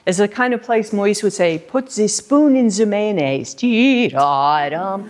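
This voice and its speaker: A woman's voice: mid-range voice, lively intonation, normal speed, darkish tone. A middle-aged woman teaching a flute masterclass, coaching a student and singing short syllables to show how a phrase should move.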